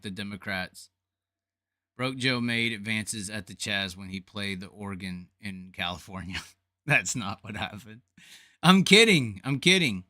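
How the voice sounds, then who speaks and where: A man's voice: medium pitch, pushed and bright, no room sound, studio quality. A man hosting a casual livestream, rambling and joking at his own expense. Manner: rambling, joking, self-mocking. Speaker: livestream host.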